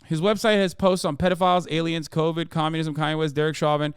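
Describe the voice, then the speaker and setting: A man's voice: a little high, flat delivery, quick pace, smooth, no room sound, studio quality. A man streaming, reacting to news and reading articles aloud, ranting and swearing between passages. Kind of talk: profane political commentary and article reading.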